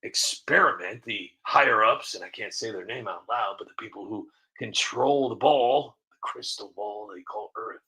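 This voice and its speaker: A man's voice: fairly low pitch, normal speed, hardly any pauses, bright, forceful tone, poor audio. A man giving opinionated commentary to camera, rambling and repeating himself with frequent restarts. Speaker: video creator.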